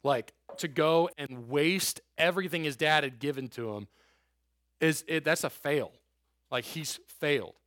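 A young male youth pastor talks loosely and animatedly to teenagers, slipping into little voices for quotes. His voice sits fairly high for a man. The sound is dry and close, with no room around it. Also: unhurried, dry recording. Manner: casual, animated, acts out quotes with laughs. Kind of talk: youth group sermon.

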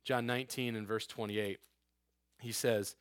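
A man's voice: lowish voice, fairly even intonation, unhurried, clear, resonant tone, no echo, clean studio sound. Earnest male pastor preaching plainly. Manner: earnest, emphatic, informal asides. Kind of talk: conversational sermon.

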